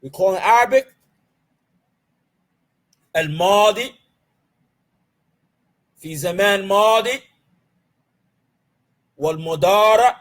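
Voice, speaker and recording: High, husky-voiced man teaching grammar. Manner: asks the class rhetorical questions, then answers them; repeats key terms slowly and drills them. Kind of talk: live online class lecture.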